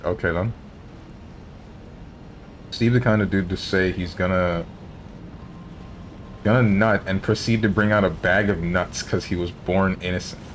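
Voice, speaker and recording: Give me a man with a lowish voice joking around while streaming a game. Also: fairly even intonation, measured pace, long pauses, a little hiss or hum. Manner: joking, banter with chat. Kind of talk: casual chat while playing a video game.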